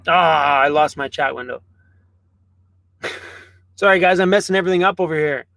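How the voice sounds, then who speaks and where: A Canadian man hosting a casual livestream from inside a camper van, chatty and loose, with frequent fillers and quick apologies. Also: fairly high pitch, vocal fry, bright, forceful tone, no room sound. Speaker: livestream host.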